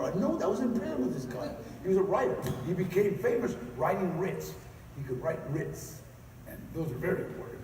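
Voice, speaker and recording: A man telling stories in a talk, lively and laughing often, acting out other people's voices. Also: fairly high pitch, brisk, a little hiss or hum. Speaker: keynote speaker. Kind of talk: storytelling talk. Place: large convention hall. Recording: echoey hall recorded from far off.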